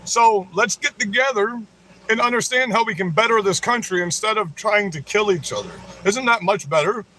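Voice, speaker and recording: A man's voice: sits high, normal speed, sharp tone, a little hiss or hum. A man hosting a livestream, ranting heatedly and with constant swearing at the people he is addressing. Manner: profane, heated, ranting to the audience; keeps saying "you know what I mean". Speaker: livestream host. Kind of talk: livestream rant.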